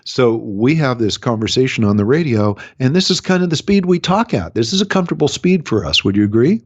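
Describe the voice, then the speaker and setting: Guy on a radio show explaining stuff, speeds up and slows down, dry kinda dull audio. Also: medium pitch, no echo. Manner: animated, speeds up and slows down to make a point. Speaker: relationship coach, radio guest. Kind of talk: casual explanatory interview talk.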